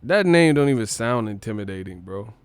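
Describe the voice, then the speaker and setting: A man's voice: fairly low pitch, animated, fairly quick, clear, resonant tone, no room sound. Incredulous, profane livestream host man. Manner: profane, incredulous, laughing often. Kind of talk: casual profane reaction commentary.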